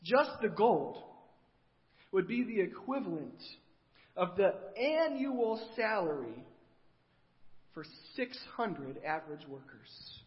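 High-voiced preacher guy retelling a story, keeps asking the crowd questions, big echoey hall, muffled sound. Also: sing-song, slow, long pauses. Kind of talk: storytelling sermon. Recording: dull, reverberant hall recording.

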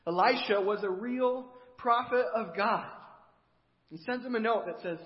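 High-voiced male preacher telling a story. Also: measured pace. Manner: animated retelling, asking the listeners questions. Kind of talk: storytelling sermon. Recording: dull, reverberant hall recording.

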